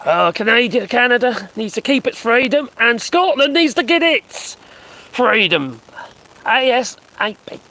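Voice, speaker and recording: A man's voice: very high-pitched, animated, a little slow, pushed and bright, low-quality recording. A man doing casual live-stream commentary on his phone, mocking and sarcastic, swearing and chuckling as he reacts.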